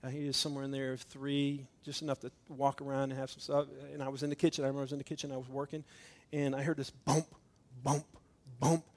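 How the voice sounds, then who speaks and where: This middle-aged pastor talks fast with few pauses, his medium-pitched voice showing little pitch movement. During a communion sermon he alternates loud, forceful preaching with soft, close tones, acting out the dialogue of a story.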